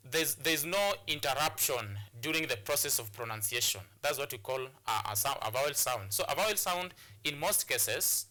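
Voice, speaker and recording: Kenyan guy teaching on tv, very bright voice, lots of uh and repeats. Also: on the high side. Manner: repetitive, hesitant with many fillers. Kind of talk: televised classroom lesson.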